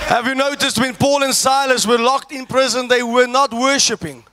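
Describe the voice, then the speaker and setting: High-voiced shouting preacher. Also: male voice, steady tone, moderate pace, a little hiss or hum. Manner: shouting, call-and-response preaching. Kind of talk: sermon.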